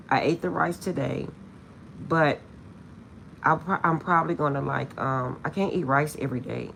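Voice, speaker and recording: Gravelly-voiced woman, laughing storyteller. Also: a bass voice, slight background noise. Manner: laughing, animated storytelling, keeps insisting she is serious. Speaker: vlogger. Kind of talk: casual chat to viewers.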